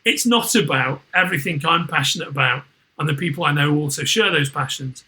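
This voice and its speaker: A man's voice: fairly high pitch, a little fast, sharp tone, low-quality recording. A middle-aged man with a Liverpool accent, hosting a casual podcast chat, rambling with many restarts and swearing freely. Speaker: podcast host.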